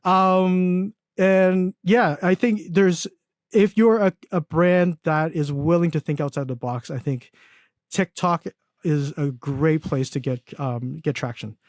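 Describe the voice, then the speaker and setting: A man's voice: fairly high pitch, fairly even intonation, slow, no echo, studio quality. A young man talking casually as a podcast guest, rambling with lots of fillers and restarts and laughing at his own stories. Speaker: podcast guest, agency founder. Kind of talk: casual interview chat.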